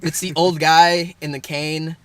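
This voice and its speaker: A man's voice: a little high, level tone, measured pace, a bit bright. A young man co-hosting a podcast in casual chat, rambling with fillers and laughing often. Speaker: podcast co-host.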